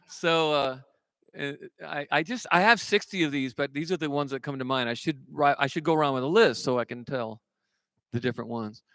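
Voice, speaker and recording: Bright, clear-voiced joking man on stage. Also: a little high, moderate pace, pauses often, dry recording, studio quality. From California. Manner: chatty, self-mocking, laughs at his own jokes. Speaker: singer-songwriter performing live. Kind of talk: stage banter and joke-telling between songs.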